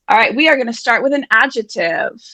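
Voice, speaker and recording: A woman with a fairly high voice hosts a word game, chatty and playful and quick to poke fun at herself. The sound is dry and close, as if on a video call mic. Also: animated, pushed and bright, no echo. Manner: chatty, playful, self-deprecating. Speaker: host and emcee of an online writers' event. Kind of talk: casual live-stream game hosting.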